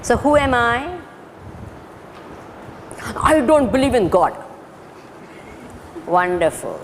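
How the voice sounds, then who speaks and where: A woman's voice: on the high side, very animated, slow pace. A woman with an Indian accent giving a spiritual lecture in a hall, questioning her listeners and slipping Hindi into English. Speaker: spiritual teacher. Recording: hall reverb, faint ambient noise.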